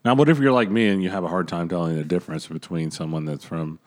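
A man co-hosts a casual podcast in a lowish voice. He drops dry, joking asides as the talk goes on. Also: fast, darkish tone. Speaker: podcast co-host. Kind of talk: casual chat.

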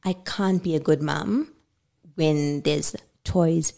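A woman in her thirties, a podcast guest, chatting casually and telling an animated story, acting out the voices of the people in it. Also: low voice, takes it slowly, vocal fry.

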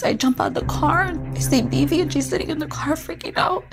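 A woman's voice: high voice, brisk, hardly any pauses, over music. A mother telling a tense story with urgency, acting out the voices in it. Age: adult, mother of children. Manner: breathless, urgent retelling that re-enacts quoted voices. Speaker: interviewee recounting events. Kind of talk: emotional first-person storytelling.

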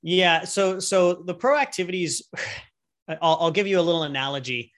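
A man's voice: high-pitched, moderate pace. A man, a guest entrepreneur and coach, talking casually in an interview and acting out little scenes as he explains. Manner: animated storyteller who acts out little scenes.

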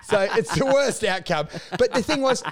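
A man's voice: high voice, moderate pace. A middle-aged man, telling stories in casual banter, swearing freely and acting out the people he quotes. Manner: swears freely, animated storytelling with put-on quoted voices. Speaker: podcast co-host.

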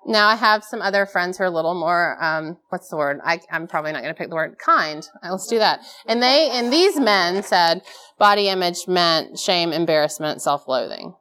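This thirtysomething conference speaker addresses a live audience from the stage with a fairly low, sharp voice, animated and moderately paced. Her talk is frank and self-mocking, punctuated by laughter at her own expense.

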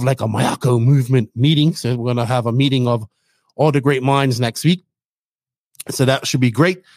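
A man hosting a podcast in casual, rambling chat full of fillers and shout-outs. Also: medium pitch, no room sound. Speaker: podcast host.

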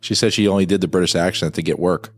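A man's voice: low voice, fairly even intonation, fast. A man cracking jokes in a casual watchalong chat about a film.

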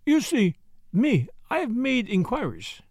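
A self-assured Belgian sleuth with a French accent, put on by a man reading an audiobook. He pokes with precise, needling questions, his pitch lifting high and swinging widely, over a gravelly edge in a dry, close sound. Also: huge pitch swings, a little slow, no room sound, full character voice. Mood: probing. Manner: precise, needling questions with sudden sharp jabs. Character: shrewd middle-aged Belgian detective, probing and self-assured. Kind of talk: audiobook character voice.

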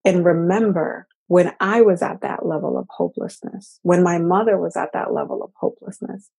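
A mother telling a personal story in an earnest, halting way, often repeating her words. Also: fairly low pitch, creaky, mellow, breathy edge. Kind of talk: personal reflective talk.

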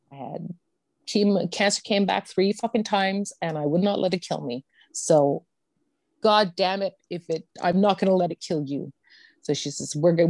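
Woman guest, lowish voice, frank and blunt storyteller who swears and laughs, dry close sound. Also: gravelly, a little mellow, dry recording. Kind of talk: candid personal storytelling.

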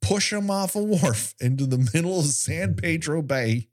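Podcast host guy ranting about an episode, pitch jumps all over, swears a lot, sarcastic. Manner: animated, profane, sarcastic retelling with quick asides. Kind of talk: casual podcast recap chat.

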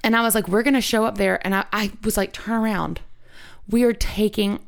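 Creaky-voiced woman telling a personal story. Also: medium pitch, steady tone, fairly quick. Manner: rambling, frank, swears freely. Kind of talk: casual chat, personal storytelling.

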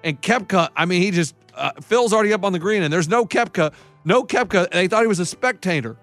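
A man hosting a casual sports talk show, telling stories in an excitable, animated way. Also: high voice, brisk, faint music behind.

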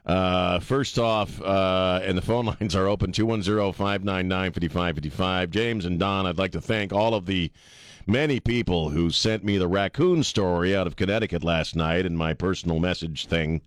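A man's voice: deep voice, moderate pace, no echo. A man hosting a talk radio show, ranting emphatically and laughing with his co-hosts. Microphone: studio mic.

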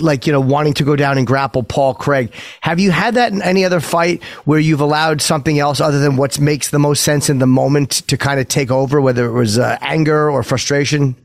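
A man co-hosting a casual interview, asking questions politely and with some hesitation. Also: a little high.

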